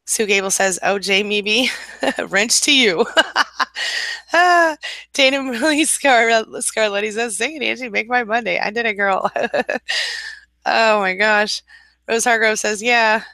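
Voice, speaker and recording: A tired woman coaching on a casual morning live stream, reading viewer comments aloud, laughing often and reassuring viewers softly. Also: a little high, measured pace, long pauses, no echo. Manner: chatty, laughs often, greets viewers warmly by name; soft, reassuring advice. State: a little tired, early morning.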